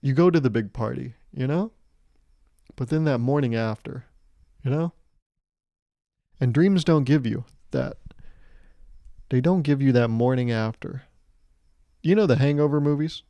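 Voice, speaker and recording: In his casual solo podcast, the twenty-something host rambles, jokes, and pokes fun at himself by performing quotes. His voice is medium-pitched and mellow, measured with many pauses; the recording has no echo but the highs are cut off.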